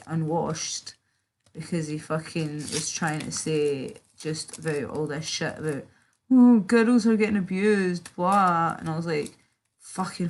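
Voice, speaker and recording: Young British woman, casual live-stream chatter, lower register, loose and sweary. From Britain. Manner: chatty, sweary, reads and answers chat. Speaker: livestreamer.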